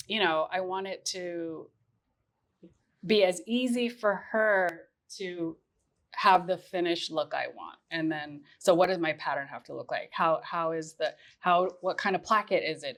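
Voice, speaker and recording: A woman fashion designer talking through her process on a panel, thoughtful and practical, thinking aloud. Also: on the low side. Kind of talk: casual panel conversation.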